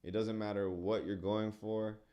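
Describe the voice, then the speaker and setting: A young man from San Antonio with a deep voice, a musician guest talking earnestly and reflectively, with many fillers. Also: flat delivery, a little slow, lo-fi sound. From San Antonio, Texas. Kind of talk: casual interview chat.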